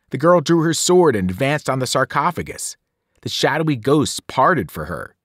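Man, teacher, novel read-aloud, dramatic, very lively pitch, dry close sound. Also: no echo. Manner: dramatic, with whispered and shouted voices. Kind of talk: expressive read-aloud narration.

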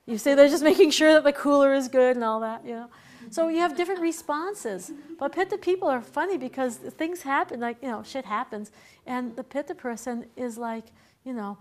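Teacher, female, chatty and quick to laugh, fairly high voice, classroom feel. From Boston, USA. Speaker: herbalism teacher. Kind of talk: casual classroom lecture.

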